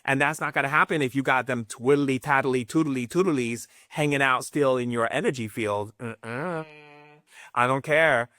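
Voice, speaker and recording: A man talks as a spiritual teacher, sassy and emphatic. His voice sits at an ordinary middle pitch, and he throws in playful asides. The sound is dry and close, with little room around it. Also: normal speed, bright, forceful tone, no room sound. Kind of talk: live spiritual talk.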